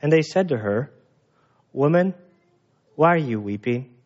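A man preaching a sermon in a lively, animated way, acting out the voices of people in the story. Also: a little high, a little slow, highs cut off. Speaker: pastor.

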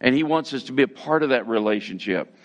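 A man's voice: mid-range voice, animated, quick pace. A man preaching a sermon in a conversational, folksy way. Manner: conversational, with fillers and folksy phrases. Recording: slightly dull, muffled sound.

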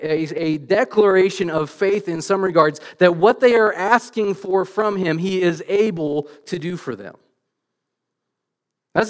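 A middle-aged man preaching a sermon in church, telling stories with animated, self-deprecating humor and frequent restarts. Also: high-pitched. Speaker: pastor.

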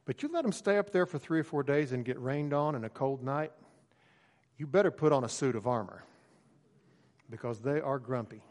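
A middle-aged man, a pastor, telling a story in a sermon in a relaxed, conversational way, with many pauses and fillers. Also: medium pitch. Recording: long hall reverb.

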